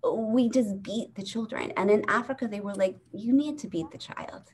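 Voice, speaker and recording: Here the same kind of set plays out: a stand-up comedian in her forties telling rambling, chatty stories on a live stream via video call, voicing the people she describes. Her pitch is medium and a little mellow, her speed normal, and a faint hiss or hum sits under the audio.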